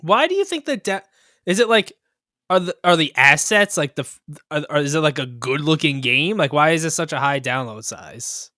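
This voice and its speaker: A man's voice: a little high, animated, normal speed, pushed and bright, dry recording, clean studio sound. A man co-hosting a casual gaming podcast who laughs along and asks curious follow-up questions. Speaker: podcast co-host.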